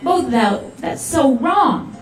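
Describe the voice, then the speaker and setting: A woman's voice: high voice, expressive, takes it slowly, soft background music. Impassioned woman speaking at a rally. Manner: impassioned, leads crowd in chants. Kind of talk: rally speech. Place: large rally hall with crowd. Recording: echoey hall, crowd noise, mic from a distance. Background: cheering crowd.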